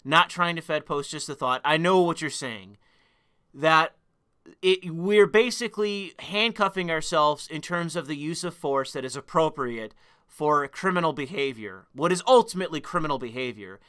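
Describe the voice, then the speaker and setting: A man's voice: fairly high pitch, bright, forceful tone, smooth. A man live-streaming, talking at length and arguing with his chat, swearing freely and combative. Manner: profane, combative, quick to argue with chat.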